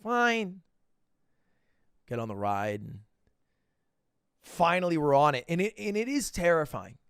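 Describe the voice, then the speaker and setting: A young man streaming from home, telling a story to his chat in a casual, animated way, jumping into high voices when he quotes people. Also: moderate pace, clear, resonant tone, no room sound, clean studio sound.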